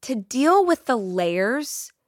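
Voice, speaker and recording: A woman's voice: fairly high pitch, very animated, slow pace, dry recording. Earnest woman podcast host, dry sound. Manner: earnest, direct, speaks straight to listeners. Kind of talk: motivational podcast talk.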